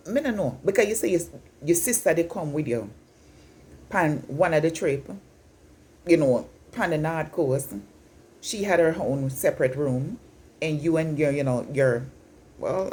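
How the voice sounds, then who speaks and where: Low, dark-voiced Jamaican woman vlogger. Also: husky. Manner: incredulous, scolding, switches into patois. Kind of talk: opinion commentary vlog.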